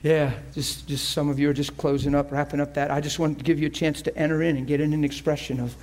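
A man's voice: fairly high pitch, little pitch movement, fast talker, darkish tone. A male preacher delivering an emotional sermon, moving between playful banter, laughter and earnest prayer.

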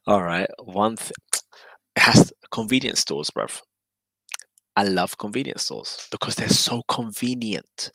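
A man's voice: fairly low pitch, lively intonation, slow, long pauses, bright, forceful tone, no room sound, rough recording. A man with a London accent, chatting casually as an interview guest in a laid-back, slangy, rambling way. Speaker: guest, drifter.

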